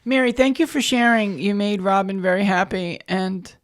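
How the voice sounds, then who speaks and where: A woman's voice: medium pitch, moderate pace. Wry, joking woman podcaster. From United States. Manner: joking, wry, self-mocking. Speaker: podcast co-host. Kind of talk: casual chat.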